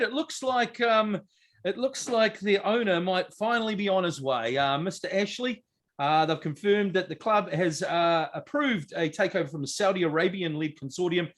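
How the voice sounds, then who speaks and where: A man co-hosting a sports podcast in casual, jokey chat, animated and rambling with fillers. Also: high voice. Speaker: podcast co-host.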